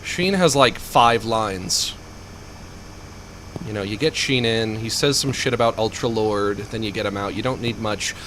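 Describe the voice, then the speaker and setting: A man's voice: on the low side, measured pace, a bit bright, a little hiss or hum. A man rambling casually while playing a game, laughing often and muttering to himself. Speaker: streamer.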